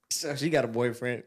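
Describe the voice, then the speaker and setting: A man telling a story on a podcast in casual chat, laughing and loudly acting out what people said. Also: mid-range voice. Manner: animated, laughing, acts out quotes loudly. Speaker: podcast guest.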